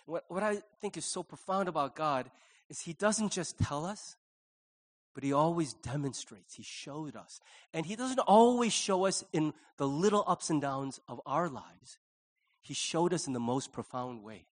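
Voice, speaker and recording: Male pastor, high-pitched, earnest sermon delivery with big quiet-to-loud swings. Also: expressive, a little slow.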